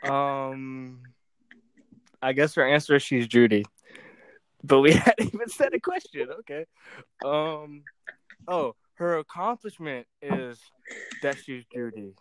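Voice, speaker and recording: A man's voice: fairly high pitch, lively intonation, measured pace, pauses often. A young man hosting a casual podcast chat. He rambles, giggles often and teases as he reads out what his guest types. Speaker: podcast host.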